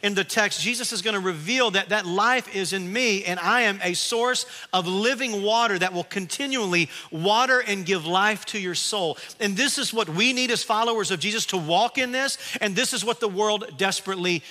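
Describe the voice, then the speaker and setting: A middle-aged man preaching with a lilt, his voice high for a man and very bright. He tells his story with animated asides and restarts, and a long reverb trails every phrase in the church hall. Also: moderate pace, few pauses. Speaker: pastor. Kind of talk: sermon. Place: church sanctuary.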